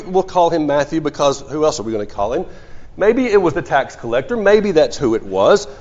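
Animated man preaching in a hall. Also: a little high. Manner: conversational, storytelling, with frequent restarts. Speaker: pastor. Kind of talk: sermon. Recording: muffled sound in a reverberant hall.

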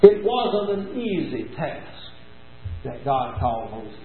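A man's voice: medium pitch, sing-song, slow pace, slight background noise. A man preaching a sermon, telling the story with emphatic rises and falls. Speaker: pastor. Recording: tinny phone-like sound, echoey room.

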